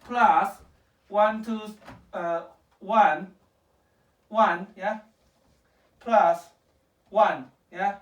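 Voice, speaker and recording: In a casual home coding lesson, a woman with a mid-range voice talks extremely slowly to a child, leaving long pauses. She's patient and questioning, frequently making sure the child follows, and the audio is dull, echoey and distant from the mic.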